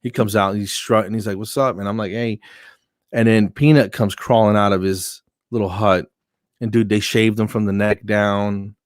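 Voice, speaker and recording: Man, comedian guest, lively anecdotes, voices the people in his stories, dry sound. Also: fairly low pitch, moderate pace, no echo. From New Jersey. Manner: animated anecdotes with acted-out quotes. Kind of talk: casual storytelling chat.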